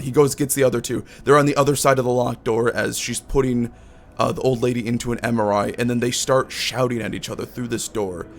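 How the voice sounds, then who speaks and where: A man's voice: mid-range voice, steady tone, a little fast. A man streaming a game, talking in loose casual chat, rambling with frequent restarts and swearing. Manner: rambling, profane, many restarts.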